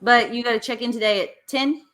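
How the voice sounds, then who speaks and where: A woman's voice: fairly high pitch, fairly quick, a bit bright. A woman hosting a casual chat, asking questions with lots of fillers and restarts. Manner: curious, asks questions with frequent fillers. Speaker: host.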